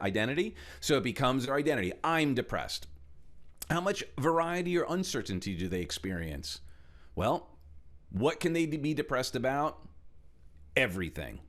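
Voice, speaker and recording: A middle-aged man giving a motivational talk. He is animated and mid-pitched, swinging from loud punches to hushed asides as he acts out the people he talks about. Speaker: speaker and trainer.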